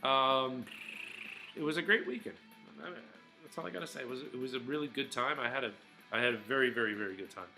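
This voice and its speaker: A chatty man rambles through a casual vlog, full of fillers and restarts. His voice is bright and forceful at a medium pitch, and faint music plays behind him. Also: fast, rough recording. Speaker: vlogger.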